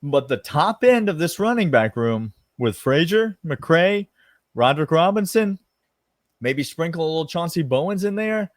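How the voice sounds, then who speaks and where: Animated man talking sports. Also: a little high, normal speed, no room sound. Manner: emphatic, animated, drawls "y'all". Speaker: podcast co-host. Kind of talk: casual sports talk.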